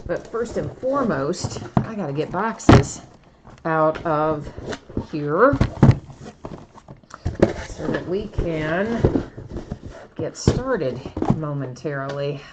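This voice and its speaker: A woman's voice: deep voice, lively intonation, very slow, pauses often, heavy background noise. A woman hosting a live card break stream, chatting casually with viewers, greeting them by name and laughing easily.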